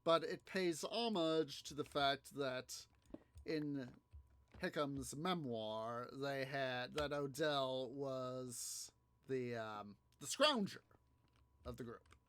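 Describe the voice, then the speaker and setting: A man hosting a gaming video, telling a story in a halting, rambling way, full of fillers and restarts as he plays. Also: medium pitch, fairly bright tone, clear, resonant tone. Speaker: gaming channel host. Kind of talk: casual gameplay commentary.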